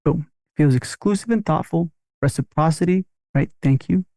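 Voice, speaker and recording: A man's voice: a little high, normal speed, warm tone, dry recording, studio quality. A man teaching dental marketing on a podcast, in a punchy, upbeat coaching manner.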